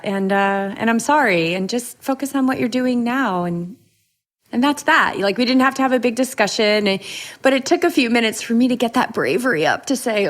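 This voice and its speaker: A woman hosting a podcast, talking in an animated, quick and chatty way. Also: medium pitch. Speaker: podcast host. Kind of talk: conversational interview.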